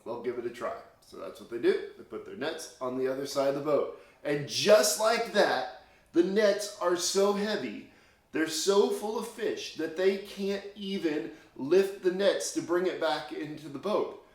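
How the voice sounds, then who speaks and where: A man's voice: on the high side, expressive, measured pace. Chatty man telling a kids' sermon. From Indiana, USA. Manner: chatty storyteller with many fillers and restarts. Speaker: children's chapel speaker. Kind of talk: children's sermon storytelling. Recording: echoey room.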